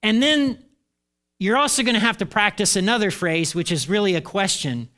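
A middle-aged male pastor preaching a sermon in an animated way, acting out the voices he quotes. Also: sits high, moderate pace.

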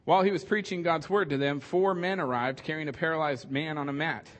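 A male pastor with a fairly high voice preaches in a loose, conversational way. He jokes often and fills his sentences with ums and restarts. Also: a little fast, highs cut off. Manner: conversational, joking, many fillers. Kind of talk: casual sermon.

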